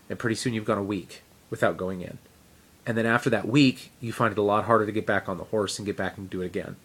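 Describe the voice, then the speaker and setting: Man, lowish voice, casual video diary, rambling, many fillers, self-deprecating. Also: fairly bright tone. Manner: rambling, with frequent fillers and restarts. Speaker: teacher sharing a fitness update.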